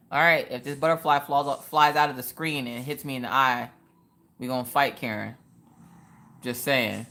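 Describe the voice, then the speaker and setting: A woman's voice: a bass voice, steady tone, moderate pace, a bit bright. A woman hosting a casual craft live stream, joking around and answering viewers in the chat by name.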